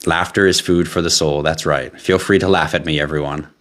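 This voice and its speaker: A tired man hosting a casual live question-and-answer stream, reading viewer questions aloud and answering them in a relaxed, chatty way. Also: rumbling low, a little fast. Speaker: livestream host answering crypto questions.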